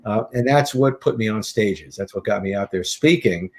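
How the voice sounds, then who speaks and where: A middle-aged man, a guest author and hypnotist, telling his story in a lively, animated way in a casual interview. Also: on the low side, moderate pace. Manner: lively, animated storyteller who acts out quotes.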